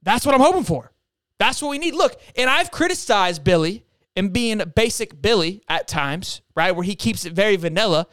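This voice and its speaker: A man's voice: high-pitched, expressive, normal speed, fairly bright tone, clean tone, no room sound, studio quality. A man hosting a casual sports talk show, fired up and emphatic, tacking "okay?" onto his points. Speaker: podcast host.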